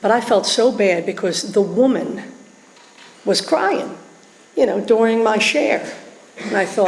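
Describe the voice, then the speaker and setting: A woman with a Philadelphia accent giving a personal testimony to a meeting, animated and acting out voices, laughing often. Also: mid-range voice, a little slow, long pauses. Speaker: recovery meeting speaker. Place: meeting hall. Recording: roomy hall echo, faint background hum.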